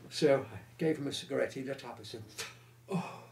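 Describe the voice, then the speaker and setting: Elderly male raconteur in his eighties, mid-pitched, lively, recorded in a roomy echo. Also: fast, creaky, slight background noise. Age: 80s. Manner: lively raconteur who acts out the quoted voices. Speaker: interviewee recalling his career. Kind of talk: anecdotal storytelling.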